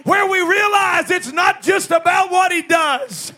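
Male pastor, sermon, very high bright voice, shouts emphatically, slow delivery, congregation faintly heard. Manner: emphatic, shouted preaching with slow drawn-out refrains. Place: church service with congregation.

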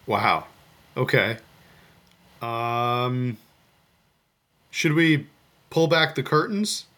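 Man, podcast co-host, bright crisp voice, easygoing chatter, video call. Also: medium pitch, expressive, very slow. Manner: easygoing, chatty, laughs easily. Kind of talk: casual chat.

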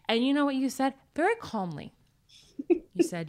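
A woman in casual podcast chat, telling a story with emphasis, some swearing and lively retold quotes. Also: high voice, moderate pace, long pauses. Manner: emphatic and profane, animated storytelling.

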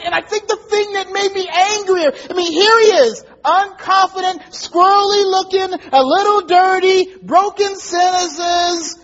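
Emphatic storytelling preacher, muffled recording. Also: male voice, very high-pitched, unhurried, few pauses. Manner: storytelling, acts out voices, rising to emphatic shouts. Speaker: pastor. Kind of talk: sermon.

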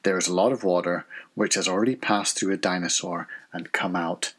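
A man co-hosting a playful family podcast, giggly and animated as he reads out odd facts. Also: low voice, a little fast, breathy edge. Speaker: podcast co-host, father. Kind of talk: casual chat, playful fact segment.

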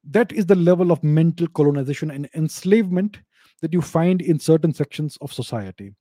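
Opinionated man, dark dry voice. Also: a little high, lively intonation, a little fast, no room sound. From India. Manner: opinionated, repeats and restarts words. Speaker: commentator. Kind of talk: casual spoken commentary.

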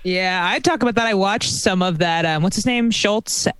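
A woman's voice: mid-range voice, normal speed, fairly bright tone, clean tone, dry recording. Dry-voiced wry woman in her twenties. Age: 20s. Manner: loose and wry, lots of fillers like "like". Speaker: podcast co-host. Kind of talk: casual comedic chat.

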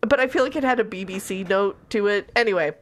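A woman co-hosting a podcast, recapping a novel in casual, animated chat with lots of giggling and "like.". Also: mid-range voice, fast talker. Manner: heavy use of "like". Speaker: podcast co-host.

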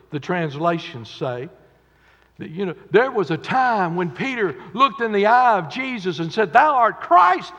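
A male preacher delivers a dramatic sermon, his lively voice swinging from booming to hushed. His tone is somewhat husky, and his voice is higher than most men's. The dull, lo-fi recording carries the long reverb of a church sanctuary. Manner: dramatic, acts out quotes, swings from loud to quiet.

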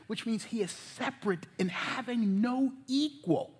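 A male pastor preaching with a high, lively voice that leaps up and down. His tone is bright and sharp, and he talks to the congregation in a folksy, joking way, sometimes sinking to a near whisper to make a point. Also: moderate pace, husky. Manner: animated, folksy preaching with jokes and asides to the congregation. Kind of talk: sermon.

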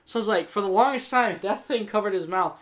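A woman co-hosting a casual podcast chat, telling animated stories and swearing freely. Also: mid-range voice, fairly quick. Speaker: podcast co-host.

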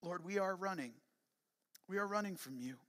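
Bright-voiced fervent male pastor. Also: high voice, animated, moderate pace. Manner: fervent and emphatic, shifting to soft prayer. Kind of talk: sermon.

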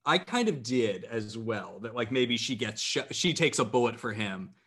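A man co-hosting a podcast, recapping a TV episode in a measured, thoughtful way with lots of fillers. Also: medium pitch, expressive, a bit bright, husky. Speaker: podcast co-host. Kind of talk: casual chat recapping a TV episode.

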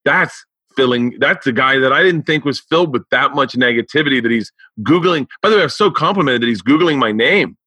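A man's voice: mid-range voice, expressive, a little fast, few pauses, sharp tone, husky, no room sound. A man hosting a podcast, chatting casually with lots of swearing and stammered restarts. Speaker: podcast host. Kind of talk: casual interview chat.

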